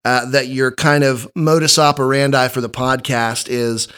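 A man's voice: medium pitch, flat delivery, normal speed, a bit bright, clear, resonant tone. Male podcast host, chatty and rambling, trips over his own sentences. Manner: rambling storyteller with many restarts. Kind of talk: casual podcast chat.

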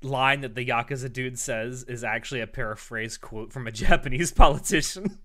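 Giggly man with a bright voice. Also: medium pitch, normal speed. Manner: chatty, giggly, shares trivia. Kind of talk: casual chat about anime.

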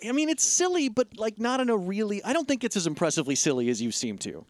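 A man's voice: sits high, big pitch swings, fast, dry recording. A man co-hosting a casual movie podcast, talking in a dry, wry, sarcastic way. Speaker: podcast co-host.

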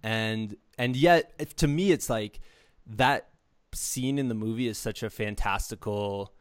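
A man's voice: fairly low pitch, a little slow, no echo, studio quality. A young man hosting an interview, talking casually and with enthusiasm, often saying "man" and "dude". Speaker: host, middle school teacher.

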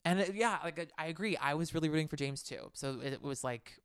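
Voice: mid-range voice, brisk, clean tone, no room sound, clean studio sound. A podcast co-host chatting casually and giving opinions about a reality show.

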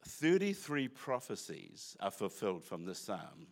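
Kiwi pastor guy preaching in church, lowish voice, chatty, lots of restarts. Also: wildly swooping pitch, measured pace. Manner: conversational, with frequent restarts and asides. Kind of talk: sermon.

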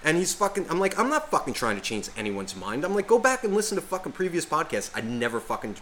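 A man's voice: a little high, very animated, fast talker, few pauses, fairly bright tone, slight background noise. A man co-hosting a podcast, rambling and swearing constantly as he rants in casual chat. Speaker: podcast co-host.

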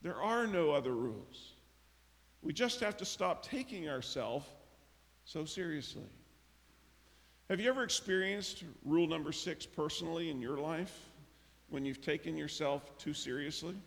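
A man preaching a sermon as pastor, telling stories and acting out the characters' lines with lively emphasis. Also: on the high side, normal speed, gravelly. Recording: long reverb of a large hall.

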